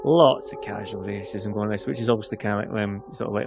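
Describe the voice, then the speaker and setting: A man's voice: on the low side, steady tone, quick pace, music in the background. A man from near the Scottish border, co-hosting a podcast in casual, jokey chat with sarcastic asides. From England, near the Scottish border. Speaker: podcast co-host.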